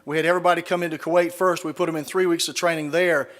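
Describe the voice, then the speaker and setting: A man's voice: a little high, level tone, racing, fairly bright tone. Middle-aged Southern man, dry storyteller, on stage in a big echoing hall. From Southern United States. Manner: folksy storytelling with dry punchlines. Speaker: keynote speaker. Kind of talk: speech with humorous anecdotes. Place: large conference hall, live audience. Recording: reverberant hall.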